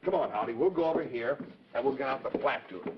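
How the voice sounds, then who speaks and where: A man's voice: medium pitch, expressive, fast talker, noisy background. A man hosting a live children's TV show, genial and a little fussy as he talks to the kids. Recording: dull 1950s TV broadcast audio.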